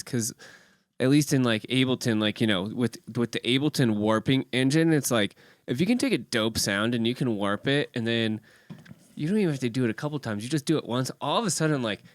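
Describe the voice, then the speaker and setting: A man guesting on a podcast as a music producer and DJ, chatting casually in an excitable, rambling way, full of fillers and swearing. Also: mid-range voice, no room sound.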